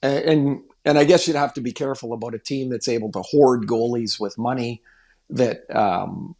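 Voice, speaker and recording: A man's voice: medium pitch, steady tone, normal speed, a little mellow. A man co-hosting a hockey podcast, chatting casually and thinking aloud with frequent restarts. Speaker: podcast co-host. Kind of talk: casual sports chat.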